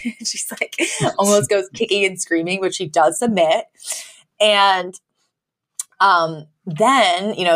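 A woman co-hosting a podcast, retelling a sitcom episode in casual chat, acting out the characters' lines and laughing often. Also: lowish voice. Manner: animated storyteller, acts out quotes, laughs often. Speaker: podcast co-host.

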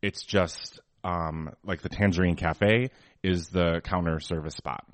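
Deep-voiced man in casual chat. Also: fairly even intonation, a little slow, no echo. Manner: chatty, opinionated, many fillers. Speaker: podcast co-host.

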